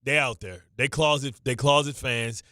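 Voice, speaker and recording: A man's voice: medium pitch, normal speed, sharp tone, no room sound, studio quality. A man hosting a sports radio show, talking in nervous, stammering, repeating bursts of banter. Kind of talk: excitable sports talk banter.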